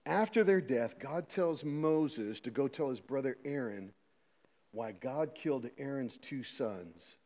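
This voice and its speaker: A middle-aged man preaching a sermon as pastor, animated, swinging between loud emphasis and quiet asides, with many rhetorical questions. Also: mid-range voice, slow. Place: church sanctuary. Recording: long reverb of a church hall.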